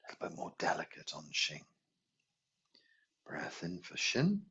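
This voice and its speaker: Low husky guy teaching qigong, slow gentle guidance and hummed tones, kinda dull lo-fi sound. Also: wildly swooping pitch, whispered. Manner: gentle, unhurried guidance with sung tones and hums. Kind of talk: guided healing class instruction.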